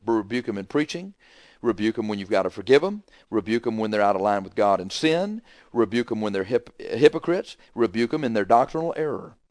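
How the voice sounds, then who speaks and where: A pastor preaching a radio sermon, a man who retells a heated argument with rising emphasis and plain, forceful talk. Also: medium pitch, no room sound. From Texas.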